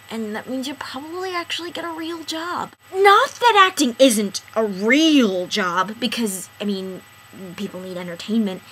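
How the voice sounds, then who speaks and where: A young woman in her early twenties chats straight into the camera, her pitch leaping all over the place. Her tone is bright and sharp, and she keeps switching between excited outbursts and hushed asides. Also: a little hiss or hum, low-quality recording. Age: early 20s. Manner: animated, chatty, swings between excited bursts and quiet asides. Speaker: vlogger. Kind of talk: casual vlog monologue.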